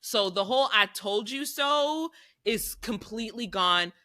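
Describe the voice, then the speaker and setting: A woman in her forties co-hosts a casual talk show. Her voice is bright and fairly high, with a lively pitch that swoops as she tells stories. She acts out the quotes and laughs often. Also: a little slow, clear, resonant tone. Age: 40s. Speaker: co-host. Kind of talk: casual chat.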